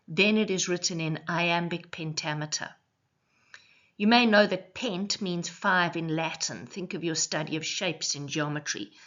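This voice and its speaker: A woman teaching a poetry lesson, explaining clearly and slowing down to stress syllables. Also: on the low side, fairly bright tone, muffled recording.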